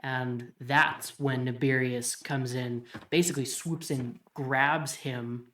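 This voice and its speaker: A man co-hosting a podcast, thinking aloud as he builds on a story pitch. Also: steady tone, slow pace, a bit bright, roomy sound, distant mic. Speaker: podcast co-host. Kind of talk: casual pitch brainstorming.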